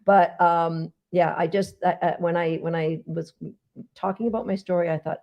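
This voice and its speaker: A woman's voice: on the low side, animated, normal speed, gravelly. A woman dog trainer hosting a casual live Q&A, chatty and emphatic, talking straight to her viewers. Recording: dull lo-fi sound.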